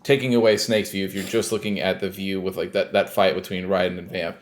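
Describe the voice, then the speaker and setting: Talking fast in a low-pitched voice, a man co-hosting a podcast runs through a game recap, playing out scenes with snarky mock voices like an animated storyteller.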